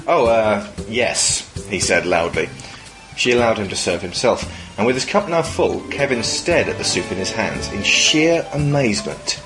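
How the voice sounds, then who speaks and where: A man reading his own comic short story aloud in a dry, deadpan way on a podcast. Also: deep voice, poor audio.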